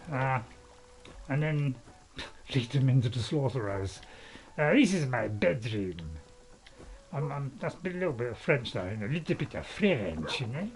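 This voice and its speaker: A man in his seventies giving casual, rambling commentary as he plays a game, chatty and quick to joke at his own expense. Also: mid-range voice, big pitch swings, rough recording. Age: 70s. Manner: rambling, chatty, joking and self-mocking. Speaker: gaming channel host.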